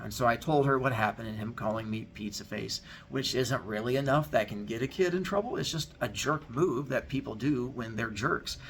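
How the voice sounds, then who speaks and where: A man's voice: medium pitch, normal speed, hardly any pauses, fairly bright tone. A male teacher giving a heartfelt, candid talk to his students, telling a personal story in an earnest way.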